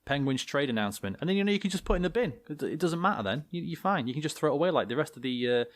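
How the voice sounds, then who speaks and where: A man's voice: fairly high pitch, animated, rapid-fire. A British man co-hosting a podcast, chatting casually with jokey exaggeration and frequent laughs. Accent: British English. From England. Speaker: podcast co-host. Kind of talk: casual banter.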